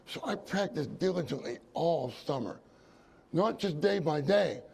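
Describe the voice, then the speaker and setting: A man's voice: a little high, expressive, measured pace, creaky, darkish tone, slight background noise. A man preaching a sermon, telling a personal story with repeated phrases and asides to his congregation. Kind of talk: sermon testimony.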